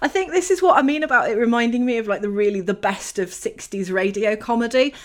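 A woman's voice: fairly high pitch, fast. A woman from Yorkshire with a Yorkshire accent, gushing enthusiastically as a podcast co-host. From Yorkshire, England. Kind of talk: casual chat.

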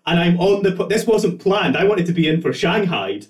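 A man's voice: high-pitched, animated, normal speed. A man with a Scottish accent, chatting casually as a podcast co-host and giving dry, detail-minded asides. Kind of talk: casual chat.

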